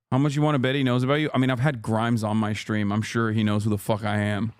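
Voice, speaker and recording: A man's voice: on the low side, flat delivery, brisk, clean tone, dry recording. A man hosting a live stream, reacting to clips in blunt, profane casual commentary. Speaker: streamer host.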